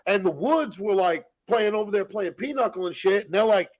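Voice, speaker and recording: Here a man with a high, lively voice tells prison stories as a guest, speaking fairly quickly. The casual chat is full of profanity and acted-out quotes from other people, and the recording is dry and rough.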